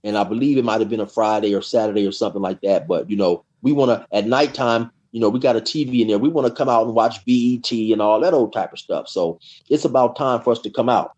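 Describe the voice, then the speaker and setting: A man's voice: on the low side, fast talker, darkish tone. A middle-aged man, a guest in an interview, tells long stories in a casual, rambling way, often saying "you know" and repeating words. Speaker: guest telling prison stories. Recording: dull lo-fi sound.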